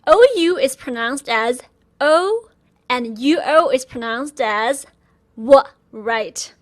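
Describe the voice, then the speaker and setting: A woman's voice: sits high, animated. A woman teaching pinyin pronunciation, patiently modelling sounds for learners to repeat. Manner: slow, patient drilling with repeat-after-me models. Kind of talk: pronunciation lesson.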